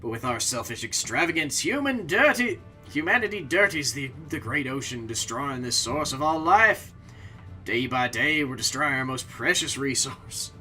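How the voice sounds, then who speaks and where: A man voicing a gruff, rough-talking male villain boss with a put-on accent, during a live game playthrough. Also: a little high, sharp tone.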